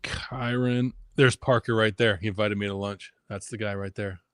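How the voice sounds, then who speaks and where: Guy hosting a sports betting podcast, brisk and teasing, dry close sound. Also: on the low side, steady tone, a bit bright, clear, resonant tone, dry recording. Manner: brisk, runs the draft order, teasing. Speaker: podcast host. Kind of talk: casual sports betting chat.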